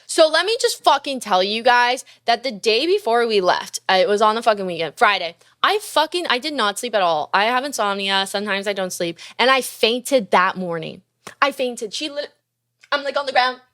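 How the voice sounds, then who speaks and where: Young woman, podcast host, casual storytelling, foul-mouthed and animated, dry close sound. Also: a little high, moderate pace, no room sound. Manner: profane, animated, acts out quoted dialogue.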